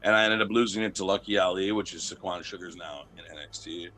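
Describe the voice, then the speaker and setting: A man's voice: low-pitched, quick pace, sharp tone. A man being interviewed as a wrestling champion, talking in a brash, boastful, profane way and telling stories casually.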